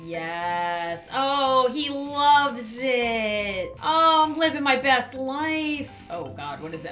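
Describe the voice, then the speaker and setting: A woman's voice: fairly high pitch, sing-song, measured pace, few pauses, sharp tone, faint music behind. A young woman reacting dramatically to a mobile game, gasping and shrieking as she plays. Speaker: gaming YouTuber. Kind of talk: game commentary with ad read.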